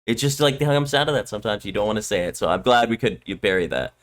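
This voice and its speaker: A man from Canada hosting a podcast in casual chat, animated, acting out quoted lines and laughing often. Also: on the low side, quick pace. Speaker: podcast host.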